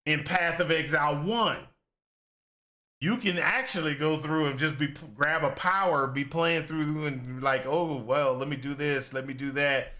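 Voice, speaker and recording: A man's voice: on the high side, pushed and bright. A man giving casual, rambling reaction commentary on a video game, venting in exasperation and acting out his own past complaints. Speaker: gaming content creator.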